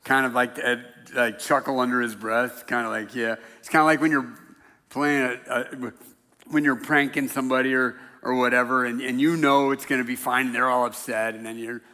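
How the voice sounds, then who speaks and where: A man preaching a sermon in a church sanctuary, his bright, forceful voice carrying a long reverb from the hall. He talks in a loose, conversational way and drops in wry jokes at his own expense. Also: mid-range voice, moderate pace. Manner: conversational and animated, with self-deprecating humor. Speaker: pastor.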